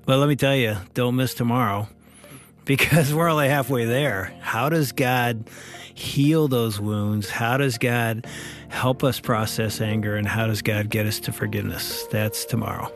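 A man's voice: medium pitch, steady tone, unhurried, soft background music. A man co-hosting a radio show, talking with his wife in an earnest, reflective way. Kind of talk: casual studio conversation.

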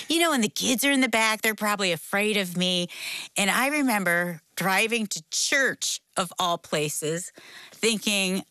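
An older woman co-hosting a casual podcast, telling an animated story and laughing often, on a close studio mic. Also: medium pitch, a little slow, no echo. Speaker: co-host.

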